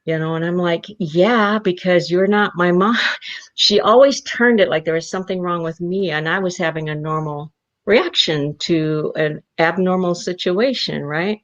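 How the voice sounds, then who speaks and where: A woman's voice: on the low side, moderate pace. A woman from South Dakota, a guest on an interview show, telling a personal story and acting out the voices of the people in it. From South Dakota, Rosebud Reservation. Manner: animated storyteller who acts out the voices in her anecdotes. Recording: muffled lo-fi audio.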